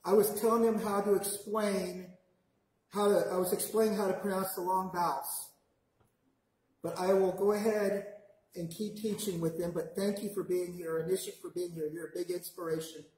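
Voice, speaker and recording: A man teaching a language class, patiently modelling words slowly for the class to repeat back. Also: sits high, flat delivery, darkish tone. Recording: very echoey classroom.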